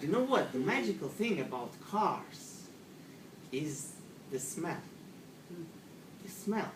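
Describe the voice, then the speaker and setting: A man's voice: fairly high pitch, slow. Russian-accented man telling a funny story. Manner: animated, acts out panicked quotes, slightly broken English. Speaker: speaker telling a humorous story to an audience. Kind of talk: humorous storytelling speech. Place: room with a live audience. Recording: echoey room from far off, noisy ambience.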